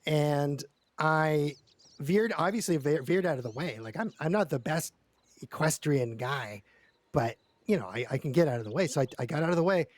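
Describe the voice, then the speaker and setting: A man's voice: fairly high pitch, lively intonation, normal speed, no echo. A man telling a long story in character during a roleplay session, rambling and stammering with lots of repeated words and casual swearing.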